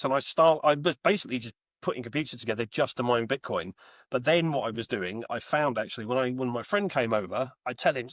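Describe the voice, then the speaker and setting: Here a home Bitcoin miner in his forties, originally from Texas, talks quickly at medium pitch during a casual podcast interview. His storytelling is chatty and animated, peppered with fillers and restarts, and the audio has no echo.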